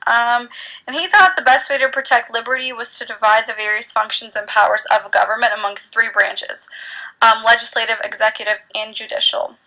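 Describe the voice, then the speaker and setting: Bright-voiced woman teaching history. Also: fairly high pitch, poor audio. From United States. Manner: chatty, informal, frequent ums. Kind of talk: recorded history lecture.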